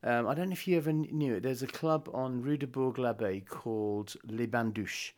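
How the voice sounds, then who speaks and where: An older man and musician guest, telling lively anecdotes in casual chat. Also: medium pitch, moderate pace. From England. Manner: lively storyteller, chuckles often.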